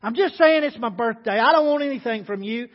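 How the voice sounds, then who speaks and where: A lonely, downtrodden woman pleads in a hesitant, apologetic voice, as a man puts her on. The voice is pitched high. It comes through a dull recording with a long hall reverb. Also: normal speed. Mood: hurt.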